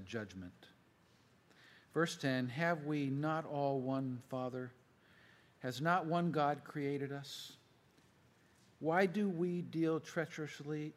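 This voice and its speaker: A man teaching from scripture and reading long passages aloud in a measured way, letting his voice fall away at the ends of phrases. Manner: measured, drops pitch and volume at phrase ends. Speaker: preacher. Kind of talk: slow Bible reading and teaching.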